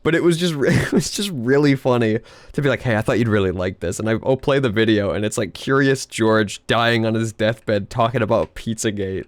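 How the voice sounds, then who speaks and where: A man's voice: mid-range voice, normal speed, hardly any pauses, dry recording. A man streaming a video game, chatting casually in a rambling way, laughing often and swearing freely. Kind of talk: casual live-stream chat while gaming.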